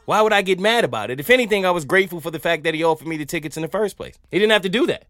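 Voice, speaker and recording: High-voiced man, lively podcast rant. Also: very fast, dry recording, clean studio sound, soft background music. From Southern United States. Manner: animated storytelling, sings snippets of songs. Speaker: podcast host. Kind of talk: casual comedic monologue.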